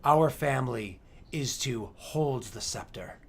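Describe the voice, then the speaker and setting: A man's voice: medium pitch, lively intonation, takes it slowly, a little hiss or hum. A man voicing a stern, righteous male hobgoblin warrior who makes grave, accusing pronouncements.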